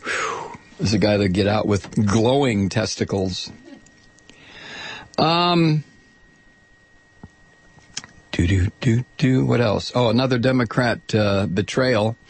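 A man hosting a political talk radio show, reading news in a sarcastic, animated way that climbs into outraged shouting. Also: fairly low pitch, takes it slowly, pauses often, husky.

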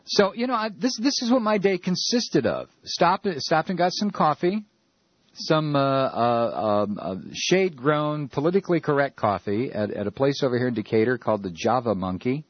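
A man's voice: mid-range voice, animated, moderate pace, no room sound, muffled recording. A man hosting a talk radio show, ranting sarcastically and rambling with many fillers. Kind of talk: opinionated talk radio monologue.

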